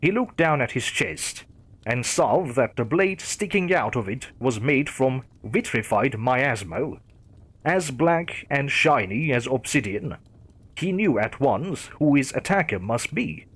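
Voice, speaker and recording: A man reading a horror story as scripted narration in a dramatic, measured way. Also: mid-range voice, lively intonation, a bit bright, husky.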